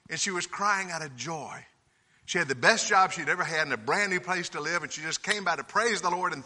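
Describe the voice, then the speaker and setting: A man preaching a sermon, telling folksy, humorous stories in a lively way. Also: high voice, a little fast. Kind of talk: sermon with storytelling. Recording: reverberant hall.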